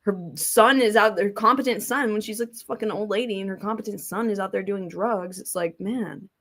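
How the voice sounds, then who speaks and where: A woman hosting casual reaction commentary, talking bluntly in a rambling way and swearing freely as she pauses a clip to weigh in. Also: medium pitch, fairly even intonation, a bit bright. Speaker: commentary host.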